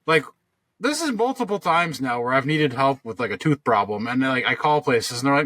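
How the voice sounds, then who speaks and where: A man's voice: mid-range voice, expressive, fairly quick, fairly bright tone, no room sound. A man co-hosting a podcast, telling a long story in casual chat, rambling with lots of fillers and restarts. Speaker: podcast co-host.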